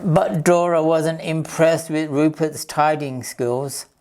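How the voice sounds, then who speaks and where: A woman reading a picture book aloud to children as a library storyteller, in a slow, gentle, clear manner. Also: deep voice, steady tone.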